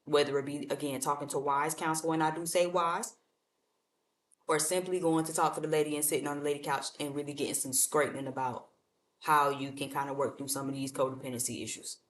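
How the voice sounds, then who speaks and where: A woman with a very low voice reads tarot for her viewers in a blunt, colloquial, repetitive way. She talks to them directly. Her voice echoes around the room, picked up from a distance. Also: steady tone, brisk, slight background noise. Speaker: tarot reader. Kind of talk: casual tarot reading. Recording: echoey room, far from mic.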